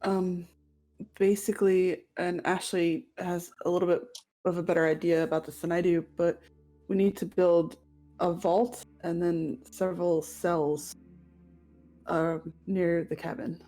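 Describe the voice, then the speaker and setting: A woman's voice: lowish voice, flat delivery, measured pace, warm tone, faint music behind. A woman playing a young adventurer in a tabletop role-play, speaking hesitantly with many fillers. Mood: earnest.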